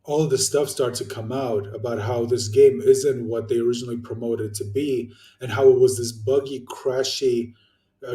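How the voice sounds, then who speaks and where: A man's voice: medium pitch, warm tone, roomy sound, distant mic. A young man ranting casually to his viewers, blunt and swearing, with lots of fillers and restarts. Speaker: YouTuber answering viewer comments.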